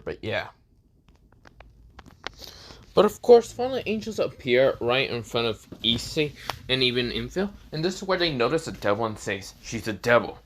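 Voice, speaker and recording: A man casually retelling a fan story, halting, with many fillers and self-corrections. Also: medium pitch, fairly bright tone. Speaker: narrator.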